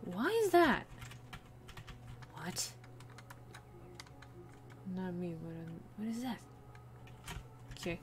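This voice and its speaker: Slow-talking woman gaming, squealing excitedly. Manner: chatty, with sudden high excited squeals. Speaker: video game player. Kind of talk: playful gaming commentary.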